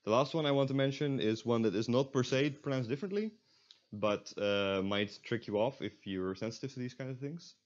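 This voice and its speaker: A man's voice: medium pitch, brisk. A young Dutch man with a Dutch accent, teaching a casual language lesson and explaining step by step, often stopping to correct himself. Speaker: language tutor. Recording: dull lo-fi audio.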